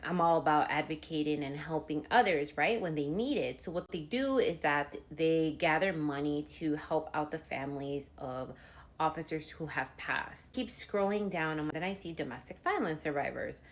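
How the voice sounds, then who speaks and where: A woman telling a personal story to her phone camera, lively and acting out the voices of the people in it. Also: sits low, normal speed. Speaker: vlogger.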